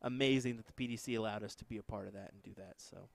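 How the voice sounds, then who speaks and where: A man's voice: lowish voice, very fast, creaky, no echo. A man with an American accent hosting casual live-stream darts commentary, chatting with viewers between matches. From United States.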